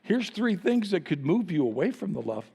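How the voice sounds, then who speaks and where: A man's voice: high voice, big pitch swings, moderate pace, creaky, mellow, husky, long reverb tail. A male pastor preaching a sermon, teasing his congregation with playful rhetorical questions.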